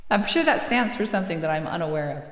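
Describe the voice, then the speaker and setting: Fast-talking with big pitch swings and a lowish voice, this American woman hosts a singer-songwriter livestream, giggling and chatting between songs as she reads viewer names from the chat. The sound is reverberant, like a big room.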